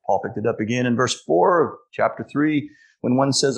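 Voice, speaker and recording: A pastor preaching a sermon, emphatic, slowing down to stress key phrases. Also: male voice, medium pitch.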